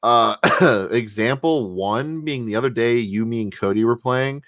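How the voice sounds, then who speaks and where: A man's voice: mid-range voice, a little slow, fairly bright tone, no room sound, studio quality. A man co-hosting a podcast, telling a story casually with lots of fillers and swearing. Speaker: podcast co-host. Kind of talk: casual chat.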